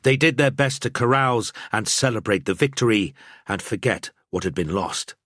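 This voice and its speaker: A man narrating an audiobook in a measured storytelling manner. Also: lowish voice, animated, fairly bright tone, no echo, studio quality.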